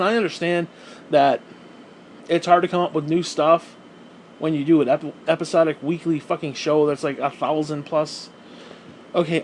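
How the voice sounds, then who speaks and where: Fired-up sweary man ranting, high voice. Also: slight background noise. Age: adult who watched wrestling since the 1980s. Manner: heated, sweary, sarcastic. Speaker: wrestling fan ranting. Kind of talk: profane rant.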